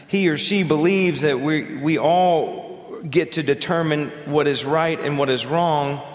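A man preaching a sermon as pastor, talking in a conversational way and telling stories. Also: a little high. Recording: echoey hall with long reverb.

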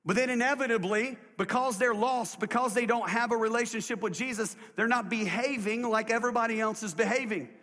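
A man preaching a sermon as a pastor, telling a story in an emphatic, lively way in a church. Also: very high voice, a little fast, hardly any pauses. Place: church sanctuary. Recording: long hall reverb.

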